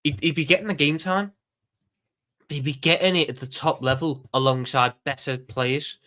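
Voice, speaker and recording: A man's voice: a little high, steady tone, normal speed, bright, forceful tone. A man from Liverpool with a Scouse accent, chatting casually and animatedly as host of a live watchalong stream, often swearing and repeating words. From Liverpool, England.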